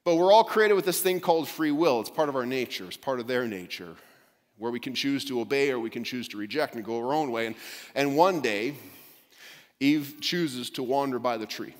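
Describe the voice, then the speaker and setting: A man's voice: mid-range voice, moderate pace, long reverb tail. A male preacher giving an emphatic sermon that often restarts his words mid-sentence.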